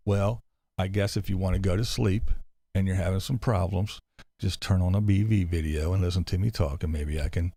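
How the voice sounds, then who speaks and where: A man's voice: low-pitched, moderate pace, dark tone, dry recording. A man hosting a casual livestream, reading comments and answering with rambling, sarcastic asides, speaking close into a desk mic. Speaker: livestream host. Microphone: close desk mic with headphones.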